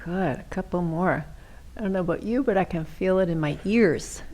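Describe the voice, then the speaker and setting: A middle-aged woman leading a seated yoga class, giving gentle, chatty cues and often checking in with "right?". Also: lowish voice, moderate pace. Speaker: chair yoga instructor.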